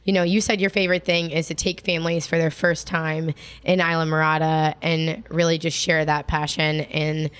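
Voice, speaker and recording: A woman's voice: deep voice, little pitch movement, normal speed, hardly any pauses, clear, resonant tone. A woman hosting a casual chat, leading her guests into topics in a friendly way. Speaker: host.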